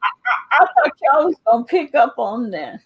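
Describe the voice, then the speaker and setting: A woman joining a casual chat, animated and laughing often. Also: high-pitched, moderate pace, slightly rough, dull audio.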